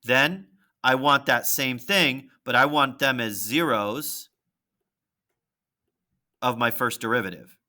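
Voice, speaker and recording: A math teacher walking through a graphing problem on screen, thinking aloud and checking in with "right?" and "okay?". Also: male voice, medium pitch, slow pace, pauses often, bright, forceful tone. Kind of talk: screen-recorded lesson walkthrough.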